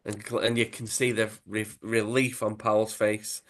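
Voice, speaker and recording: A man casually retelling a football comic story as a podcast host, in a chatty, animated way. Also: fairly low pitch, moderate pace.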